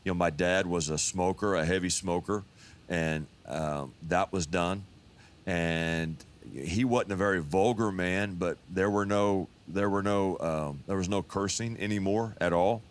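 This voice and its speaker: A pastor in his fifties telling his life testimony in a relaxed, folksy storytelling manner. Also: low voice, measured pace. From Texas. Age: 50s.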